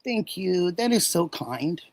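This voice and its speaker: A middle-aged woman from Oregon hosting a casual livestream, warmly thanking viewers and answering chat messages. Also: on the low side, sing-song, slow pace, poor audio. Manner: warm, gushing, reads and answers chat messages. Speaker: livestream host.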